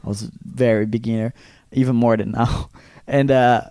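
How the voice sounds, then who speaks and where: A man with a Brazilian accent, co-hosting a comedy podcast and telling a story in a lively, swearing, casual way. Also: mid-range voice, normal speed, smooth, no room sound. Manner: animated, swears freely, acts out quotes.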